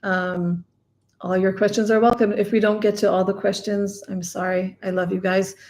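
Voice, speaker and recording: A woman's voice: mid-range voice, flat delivery, normal speed, darkish tone. Chatty woman hosting a live stream. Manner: chatty, giggly, addresses viewers directly. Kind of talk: casual live stream chat.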